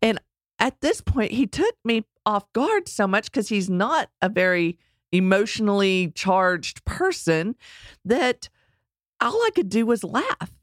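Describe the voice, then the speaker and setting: A middle-aged woman telling a personal story in a casual, animated way, acting out quotes and laughing along. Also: mid-range voice, slow pace, dry recording, clean studio sound.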